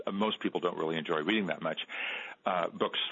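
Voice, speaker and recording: A middle-aged man, an author guest on a radio interview, telling stories in an earnest, halting way and repeating words. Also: sits low, fairly bright tone, slight background noise. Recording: dull lo-fi radio sound.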